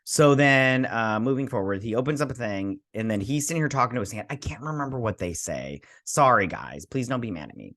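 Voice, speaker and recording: Male review host, lively pitch, loose chatty recap with jokey asides. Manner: chatty, rambling, self-deprecating asides; quickly acts out characters' lines. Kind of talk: casual episode recap and review.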